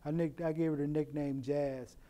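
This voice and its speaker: A middle-aged man from Oakland, telling a personal story in a plain, unhurried way with many "you know" asides. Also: fairly high pitch, level tone, dark tone. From Oakland, California. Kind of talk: personal story told to camera. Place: in prison.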